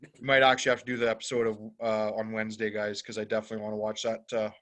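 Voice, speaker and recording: A man's voice: on the low side, monotone, very fast, a bit bright. A man co-hosting a sports podcast, running through the week's sports in a casual, filler-heavy way. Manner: loose, filler-heavy rundown of sports news. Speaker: podcast co-host.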